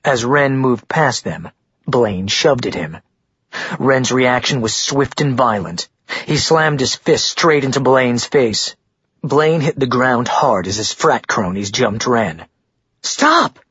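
A man narrating an audiobook in a steady storytelling manner. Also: medium pitch, slow, slightly rough, dry recording. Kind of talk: scripted narration. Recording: dull dry muffled recording.

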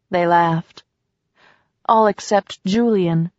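A woman reading an audiobook as narrator, in a measured way, in a slightly muffled recording. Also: mid-range voice, darkish tone, dry recording. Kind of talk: scripted narration.

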